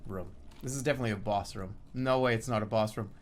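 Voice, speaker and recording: A man streaming gameplay, commenting casually and swearing a lot, with sudden loud excited outbursts. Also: on the low side, fast, slight background noise.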